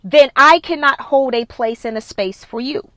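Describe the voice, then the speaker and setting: A woman's voice: sits high, moderate pace, a bit bright, no room sound. A woman wellness coach giving a live-streamed motivational talk into her phone, emphatic and repetitive, driving her points home with a preachy insistence.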